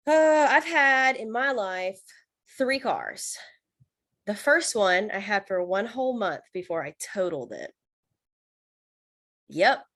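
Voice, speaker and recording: A woman's voice: fairly low pitch, a bit bright. A woman giving a casual livestream lesson as the instructor, chatty and upbeat, with frequent ums and uhs. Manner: chatty and upbeat, with many fillers. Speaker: instructor of a live online class.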